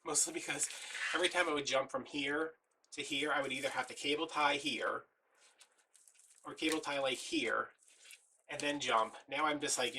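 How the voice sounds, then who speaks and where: A man's voice: a little high, fairly even intonation, normal speed, long pauses, bright, forceful tone, recorded from a distance, a little hiss or hum. A man, a little out of breath, chatting casually while walking through a craft step by step. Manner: chatty, folksy, talks while working. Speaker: craft tutorial host.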